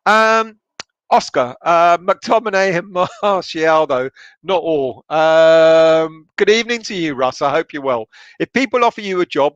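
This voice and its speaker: A man's voice: on the high side, a bit bright, no room sound, highs cut off. A man hosting a football livestream, reading out viewer comments with sweary banter and frequent laughter. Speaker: football channel livestream host.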